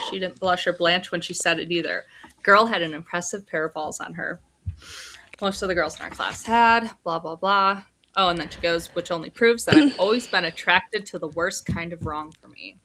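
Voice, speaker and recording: Podcast co-host, female, lower register, casual recap with quoted passages, on a video call. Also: a little fast, slight background noise. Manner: reads book passages aloud in a flat retelling, lively reactions. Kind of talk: casual book discussion on a live stream.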